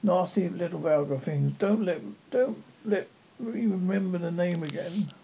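Indignant storybook mouse, shrill and passionate, put on by a reader; dull lo-fi recording. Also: unhurried, gravelly, warm tone. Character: small touchy mouse, shrill and easily offended. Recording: dull lo-fi with faint noise.

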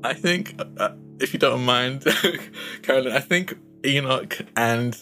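A man's voice: mid-range voice, unhurried, bright, forceful tone, soft background music. A man playing his character in a tabletop game, rambling with lots of fillers. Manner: rambling with many fillers and likes. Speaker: player.

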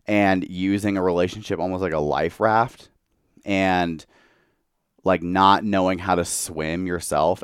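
Slightly buzzed on tequila, a young podcast guest talks openly in casual conversation, packing his sentences with "like." His low voice has a clean tone, and the studio sound is clean with no room sound.

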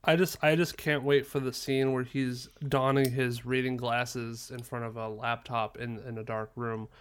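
A man's voice: medium pitch, level tone, moderate pace, clear, resonant tone. Rambling man laughing on a podcast. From New York State, US. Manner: rambling, laughing, crude jokes. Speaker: podcast co-host. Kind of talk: casual chat.

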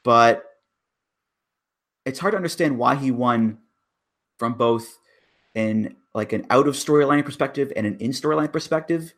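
A man's voice: mid-range voice, normal speed, long pauses, fairly bright tone. A man co-hosting a casual wrestling chat, making emphatic arguments about storylines. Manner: emphatic, breaks down booking logic.

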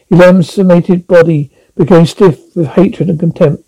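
Brief: male audiobook reader, gravelly, dark tone, halting with restarts. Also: high voice, fairly even intonation, poor audio. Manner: halting with frequent slips and restarts. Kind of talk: storybook narration.

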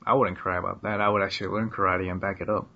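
A man's voice: low voice, level tone, fast talker, creaky. A young man hosting a podcast, chatting loosely and joking around with his co-host. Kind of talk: casual chat. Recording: slightly muffled lo-fi audio.

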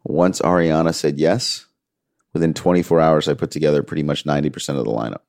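A man's voice: a bass voice, steady tone, fast, creaky, a little mellow, no room sound, clean studio sound. A man in a candid interview, telling a story earnestly and acting out quoted dialogue. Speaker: music manager, interview guest.

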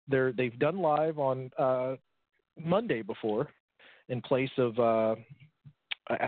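A man's voice: medium pitch, no room sound. A man co-hosting a casual podcast, laid-back, laughing often and swearing. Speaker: podcast co-host. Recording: tinny phone-like line, dry.

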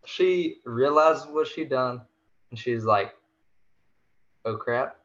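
A man's voice: mid-range voice, slow pace, a bit bright. A man guesting on a podcast, retelling a story in a laid-back, slangy way. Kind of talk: casual literary discussion. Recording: dull, lo-fi remote audio.

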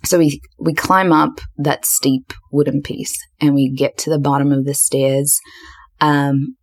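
A woman's voice: deep voice, steady tone, a little slow. A young woman hosting her own podcast, telling a story in a chatty, dramatic way full of fillers. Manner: chatty, filler-heavy, self-described dramatic. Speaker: podcast host. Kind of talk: casual storytelling.

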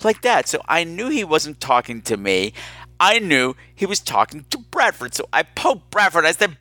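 Male podcast host, campy and sardonic, bright and lively, dry close sound. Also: fairly high pitch, normal speed, no room sound. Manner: campy, sardonic, animated storytelling. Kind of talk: casual chat.

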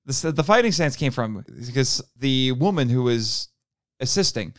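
A man's voice: medium pitch, moderate pace, no echo, studio quality. A man from Indiana co-hosting a podcast, telling stories in casual chat, laughing often and acting out what people said. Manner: animated storyteller, laughs often, acts out quotes. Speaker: podcast co-host.

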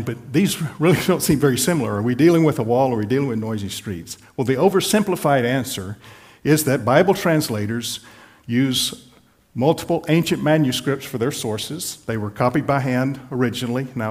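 A middle-aged male pastor giving a sermon in an easygoing, explanatory way, often restarting phrases. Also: mid-range voice. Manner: conversational, explanatory, with light laughs and restarts.

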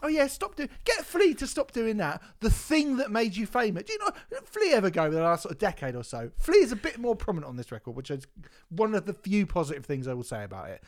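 A man's voice: high-pitched, huge pitch swings, quick pace. A man co-hosting a music review show, swearing freely and ranting in a casual chat. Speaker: album review co-host.

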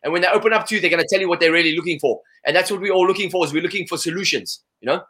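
A man chatting as an interview guest, his words tumbling out at a quick clip. His voice is bright and sits a little high. He talks with loose, restless energy. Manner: energetic, repeats "you know" often. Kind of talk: casual conversational interview.

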